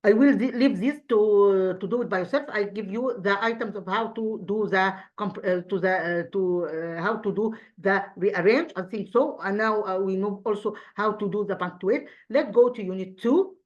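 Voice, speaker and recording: A woman's voice: medium pitch, moderate pace, hardly any pauses, dull audio. A woman English teacher with an Egyptian accent, going through an exam review step by step and answering her own questions. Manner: explains step by step, asks and answers own questions, frequent restarts.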